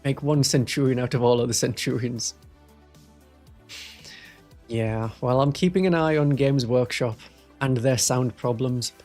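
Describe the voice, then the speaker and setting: A man's voice: medium pitch, a little slow, pauses often, darkish tone, soft background music. A man with a toned-down Northeast English accent, chatting with viewers on a live stream in a wry, rambling way. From Northeast England. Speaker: Warhammer streamer. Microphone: studio microphone.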